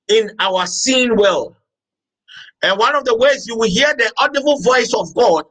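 A man preaching a sermon as pastor, emphatic, repeating phrases and shouting out words now and then. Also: very high voice, low-quality recording.

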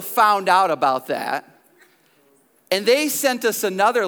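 High-voiced male pastor telling a story. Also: sing-song, unhurried, long pauses, bright, forceful tone. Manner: jokey storyteller who questions the congregation directly. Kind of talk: sermon with a personal story.

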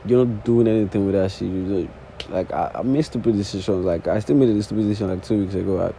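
A young man in his early twenties with an accent talks off the top of his head in a low, warm, relaxed voice. He rambles, restarts his sentences and swears casually. A faint background noise sits under the recording. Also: fast talker, gravelly, rough recording. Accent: non-native English accent. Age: early 20s. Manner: rambling, casual, swears often, repeats false starts. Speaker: podcast host. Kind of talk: unscripted solo monologue. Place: sitting on the floor indoors.

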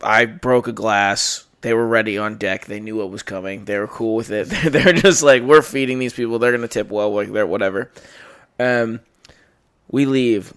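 A man's voice: lowish voice, clear, resonant tone. A young man hosting a podcast, telling a long drunken story in a rambling, profane way, full of fillers and acted-out quotes. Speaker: podcast host. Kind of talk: casual storytelling chat.

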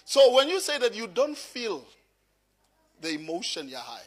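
Man, South African accent, preacher, sermon, high voice, middle-aged, laughing storyteller. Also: normal speed. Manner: lively storytelling, laughing through anecdotes.

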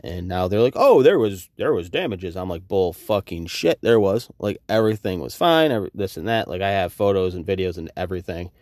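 Profane, animated man telling a story. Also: low-pitched, no room sound, studio quality. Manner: profane, animated, acts out quoted exchanges. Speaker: podcast host. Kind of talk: casual storytelling monologue.

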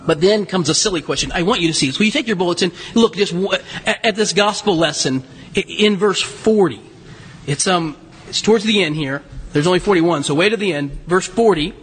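A male pastor preaches conversationally in a church, asking the congregation questions and often restarting his sentences. His high voice is fairly quick with a breathy edge, echoing in a large hall.

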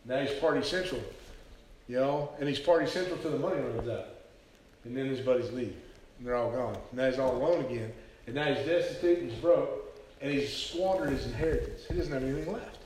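A man's voice: mid-range voice, fairly quick, darkish tone, a little hiss or hum. A man preaching a sermon, telling the story earnestly and stumbling over repeated words. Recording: very echoey hall, speaker far from mic.

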